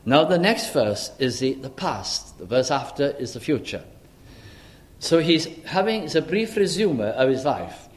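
Earnest preacher man, measured delivery. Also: a little high, sing-song. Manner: measured and earnest, often pausing on "uh". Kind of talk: expository sermon.

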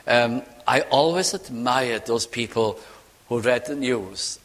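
An older man with a Welsh accent preaching a sermon with fervour, dropping from ringing declarations to hushed asides. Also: medium pitch, takes it slowly. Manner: fervent, swings between loud ringing lines and hushed asides. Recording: long hall reverb.

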